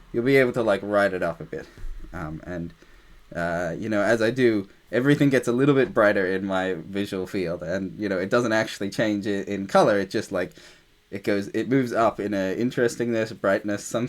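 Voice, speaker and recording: A man leading a group meditation discussion over a video call, talking loosely with many fillers. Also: fairly low pitch. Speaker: meditation teacher.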